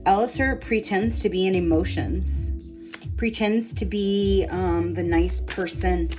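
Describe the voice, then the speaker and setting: A woman leading a guided energy healing session, gently instructing a client and meandering with many ums and likes. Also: mid-range voice, measured pace, faint music behind, rough recording. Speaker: spiritual energy healer.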